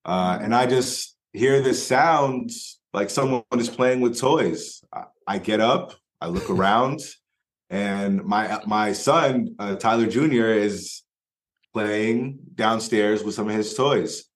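A man co-hosting a podcast, telling a story in a relaxed, wry way with lots of pauses and restarts. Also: lowish voice. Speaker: podcast co-host. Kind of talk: casual storytelling.

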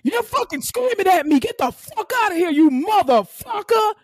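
A woman voicing a foul-mouthed, furious male hospital patient who shouts curses. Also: high-pitched, expressive, quick pace, dry recording, clean studio sound, voice pushed up.

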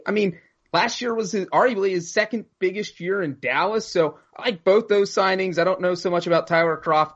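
A man's voice: high-pitched, a bit bright. A man co-hosting a sports podcast, casually breaking down signings with lots of numbers. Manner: stat-heavy, fast analysis. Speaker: podcast co-host. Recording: dull, lo-fi audio.

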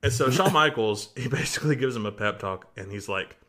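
This wrestling podcast co-host talks fairly quickly in a medium-pitched voice, keeping the review chat casual. Animated and frequently laughing, he switches to shouting voices whenever he quotes someone.

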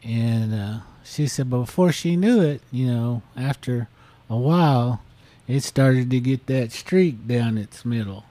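A man's voice: medium pitch, measured pace, mellow, no echo. A man casually retelling a listener's story on a podcast, full of fillers and restarts. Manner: rambling, many fillers like "you know". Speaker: podcast host.

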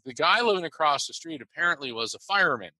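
Guy from the us telling his story, super bright voice, dry close sound, keeps restarting. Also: a little high, no echo, poor audio. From United States. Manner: animated, halting with many restarts. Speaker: interview guest. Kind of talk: personal storytelling.

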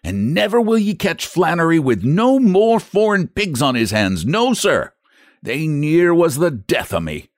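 A man's voice: very animated, unhurried, no echo, clean studio sound. A man putting on a blustering Irish express agent. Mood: indignant. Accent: Irish brogue put on. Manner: blustering, emphatic, high and loud. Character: gruff stubborn Irish express agent, middle-aged man.

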